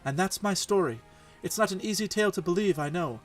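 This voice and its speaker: A man voicing a proud, direct young woman warrior in a quiet, matter-of-fact way, reading game dialogue. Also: high-pitched, brisk, soft background music, natural voice. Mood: calm.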